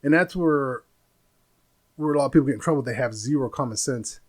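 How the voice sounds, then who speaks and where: A man hosting a podcast, talking through his opinions in a loose, rambling solo monologue, and popping into a louder, higher voice when he quotes people. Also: brisk. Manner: rambling, opinionated, mimics others in raised voice. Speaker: podcast host. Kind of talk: casual monologue.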